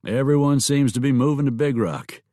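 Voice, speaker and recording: A man's voice: medium pitch, moderate pace, warm tone, no room sound, studio quality, pitched above the performer's own voice, close to an everyday voice. A man voicing a blunt, teasing small-town sheriff in a Western audiobook. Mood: plain. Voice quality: wry, blunt.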